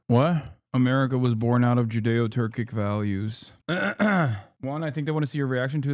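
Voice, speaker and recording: A man hosting a live stream, reacting to clips and talking back to his chat in a sarcastic, profane, animated way. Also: mid-range voice, dry recording, studio quality. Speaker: livestream host.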